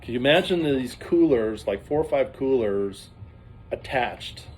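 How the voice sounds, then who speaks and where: A man telling a rambling, animated story in casual vlog style, acting out what people said. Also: mid-range voice, measured pace, a little hiss or hum. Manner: rambling, animated, acts out quotes.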